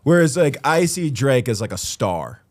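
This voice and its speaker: A man's voice: mid-range voice, sing-song, normal speed. Laid-back rambling man co-hosting a podcast. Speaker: podcast co-host. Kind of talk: casual chat.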